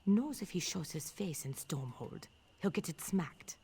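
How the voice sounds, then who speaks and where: A woman's voice: on the low side, lively intonation, a little slow, warm tone, husky, heavily acted. An actress voicing a blunt, wry townswoman in a fantasy video game.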